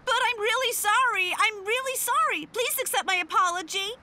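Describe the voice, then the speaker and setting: A woman's voice: extremely high pitch, normal speed, bright, forceful tone, soft background music, heavily acted. A woman voicing a timid young boy in a dubbed cartoon, pleading and apologetic. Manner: pleading, tearful. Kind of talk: cartoon dub.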